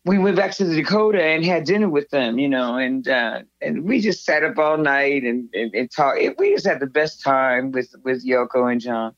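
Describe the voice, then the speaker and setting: A woman guest telling stories in a casual interview, lively and acting out what others said. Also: a bass voice, moderate pace, few pauses, no echo. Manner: animated storyteller, acts out others' lines. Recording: dull lo-fi recording.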